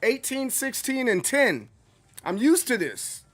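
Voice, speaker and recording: A man from the Southern US chats casually with his live-stream chat, speaking animatedly, stumbling into restarts and acting out the voices of people he quotes. His voice is extremely high-pitched and he takes his time. There's no echo, just faint music behind him.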